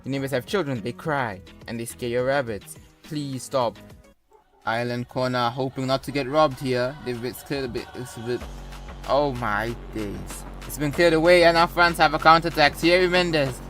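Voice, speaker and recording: Young man, football game commentary, playful rambling asides, soft music behind. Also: medium pitch, steady tone, moderate pace. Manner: playful sports-caster patter with rambling asides. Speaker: gaming YouTuber. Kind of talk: casual gameplay commentary.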